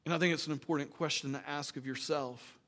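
A man pastor preaching a sermon in a church, earnest and emphatic, dropping into quiet, joking asides. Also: on the high side, steady tone, fast.

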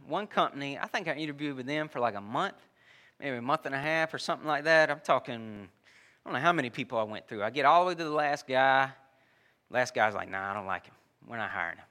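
Man, bright voice, chatty preacher working through a personal story. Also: mid-range voice. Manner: conversational, uses dude and y'all, many restarts.

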